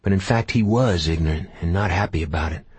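Deep husky guy reading an audiobook, dry close sound. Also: fast, no echo. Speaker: audiobook narrator. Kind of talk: audiobook narration.

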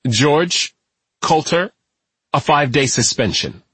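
Man playing a strict headmistress, raised voice, clipped and firm, raspy. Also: fairly high pitch, lively intonation, takes it slowly, fairly bright tone, no room sound, voice pushed up, heavily acted. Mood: stern. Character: stern, unmoved female school headmistress.

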